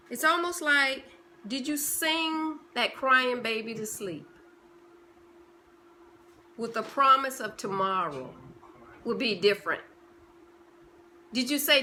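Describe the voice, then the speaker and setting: A woman's voice: fairly high pitch, takes it slowly, long pauses, bright, forceful tone, a little hiss or hum. A woman giving a passionate motivational talk, pressing her listeners with repeated rhetorical questions. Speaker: motivational speaker.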